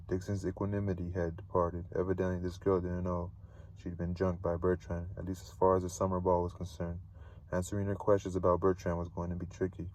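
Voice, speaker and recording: A man reading a novel aloud, steady but stumbling and repeating words now and then. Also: low voice, fairly quick, far from the mic, a little hiss or hum, rough recording. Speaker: read-aloud narrator.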